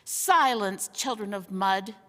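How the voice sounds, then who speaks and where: A woman's voice: a little high, a little slow, close to an everyday voice. A woman voicing a stern, commanding male warrior captain who threatens the crowd, in a storybook reading. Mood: threatening. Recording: long hall reverb.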